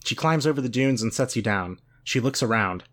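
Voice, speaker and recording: A man co-hosting a podcast, reading a book aloud with expressive narration and laughing banter. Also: mid-range voice, brisk. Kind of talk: dramatic read-aloud with banter.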